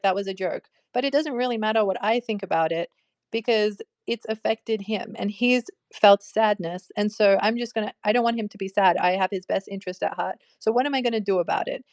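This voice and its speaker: A woman's voice: mid-range voice, a little mellow, dry recording. A young woman talking casually about relationships, chatty, with many fillers and frequent laughs. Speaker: host. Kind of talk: casual advice talk.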